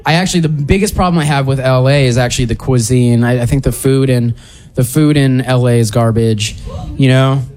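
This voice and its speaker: A man's voice: mid-range voice, brisk, a little mellow. A man doing a stand-up routine before a live audience, telling his story in a dry, conversational way. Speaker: stand-up comedian.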